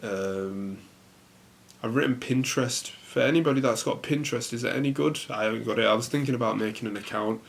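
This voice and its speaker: A young man hosting a casual solo podcast, rambling in a relaxed way with lots of fillers. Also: mid-range voice, brisk, gravelly. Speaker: podcast host.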